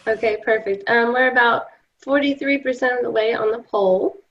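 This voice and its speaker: A woman's voice: fairly high pitch, normal speed. Woman moderating a webinar, lo-fi sound. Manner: relaxed, with frequent fillers. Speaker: webinar co-host.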